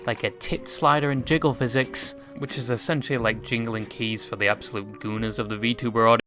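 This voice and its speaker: A man's voice: medium pitch, fairly even intonation, a little fast, bright, forceful tone, soft background music. A man reading a scripted video essay in a dry, sarcastic way. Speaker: video narrator.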